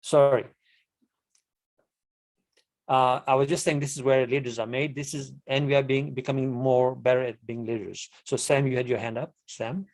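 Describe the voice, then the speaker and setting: A man from Kenya with a mixed Kenyan, English and Canadian accent, hosting an online meeting over a video call, warm and full of stammering restarts and laughs. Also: mid-range voice, steady tone, moderate pace. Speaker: meeting host.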